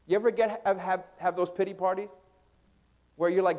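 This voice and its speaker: Male preacher, high-voiced, theatrical sermon delivery. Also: steady tone, moderate pace, muffled recording. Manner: dramatic, voicing scripture with swelling intensity.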